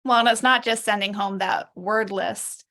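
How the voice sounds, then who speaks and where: A woman's voice: medium pitch, fairly even intonation, normal speed, bright, forceful tone. A woman hosting an interview, thinking aloud with restarts as she builds an analogy. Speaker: interview host. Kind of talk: conversational interview.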